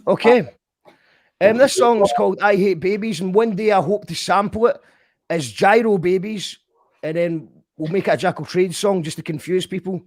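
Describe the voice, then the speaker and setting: A man hosting a casual live stream, excitable and given to swearing and shouting when thrilled. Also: high-pitched, normal speed, dry recording. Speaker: host of a live stream show.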